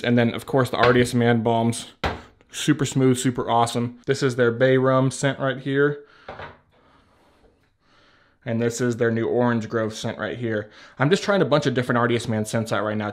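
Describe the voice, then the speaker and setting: A man talks casually into a camera he holds at arm's length, rambling from one product to the next. His voice sits at an ordinary middle pitch, loose and chatty, with casual swearing and easy laughs. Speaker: beard care vlogger. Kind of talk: casual product show-and-tell. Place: at home by a shelf. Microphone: handheld camera at arm's length.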